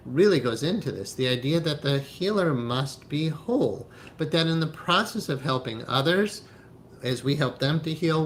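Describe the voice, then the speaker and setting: A man's voice: mid-range voice, a bit bright, slight background noise. A man giving a spiritual teaching talk on hypnotherapy, speaking emphatically, often checking in with "right?" and laughing as he goes.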